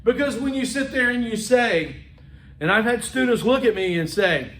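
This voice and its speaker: A middle-aged man lecturing a college class in an echoey classroom. He talks loudly, with chatty asides and repeated words, and his fairly high voice swings up and down a lot. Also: normal speed, recorded from a distance. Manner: animated, loud, chatty with asides and repetitions. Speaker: college instructor. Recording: echoey room.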